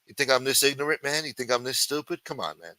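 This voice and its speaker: A man's voice: mid-range voice, lively intonation, fast talker, dry recording. A man hosting a live chat stream, swearing constantly, taunting and then muttering as he answers the chat. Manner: loud, taunting, swings between shouting and muttering. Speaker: livestream host. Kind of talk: profane live chat rant.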